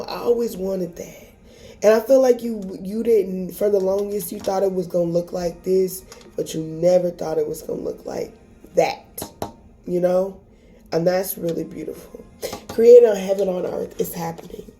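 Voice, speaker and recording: A woman's voice: fairly low pitch, steady tone, moderate pace, gravelly, mellow, faint music behind. A woman giving a casual tarot reading to camera, emotional and encouraging, swearing freely. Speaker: tarot reader.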